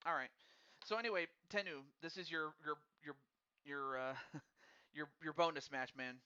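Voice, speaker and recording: A man hosts a live wrestling game stream, chatting with viewers and tripping over his words as he thinks aloud. His voice sits a little high and comes through smooth and clear. The recording sounds dull and lo-fi. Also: moderate pace, sharp tone. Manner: friendly and addresses viewers directly. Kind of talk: casual live-stream commentary.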